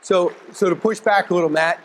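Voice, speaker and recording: Man, moderator, brisk banter, slightly high voice, hall reverb. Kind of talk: live panel interview.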